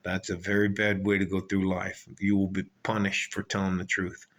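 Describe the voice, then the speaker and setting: A man's voice: low-pitched, completely flat delivery, moderate pace, fairly bright tone. An older man telling a rambling, profane story in a casual rant, often trailing off and circling back. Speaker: vlogger.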